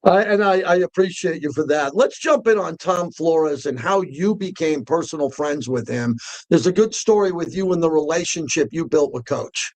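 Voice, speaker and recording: Male sports radio host, effusive and bright, high register. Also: expressive, moderate pace, low-quality recording. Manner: upbeat, effusive introductions. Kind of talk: talk radio hosting.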